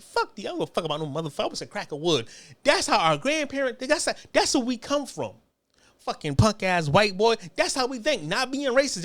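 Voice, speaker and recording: A man's voice: sits high, fairly bright tone. A man delivering a heated, profane political rant, repeating himself and restarting his sentences as he pushes on. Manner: profane, repetitive, stumbling restarts. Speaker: online commentator.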